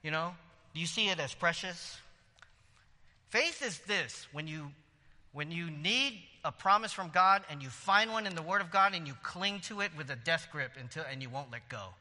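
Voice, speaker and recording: A man delivers a sermon in a church hall, chatty and animated, tossing out "right?" asides to his listeners. His voice is bright and forceful with a slightly higher pitch. A long reverb trails after each phrase. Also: moderate pace. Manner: conversational, animated preaching with frequent "right?" asides and laughs. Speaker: pastor.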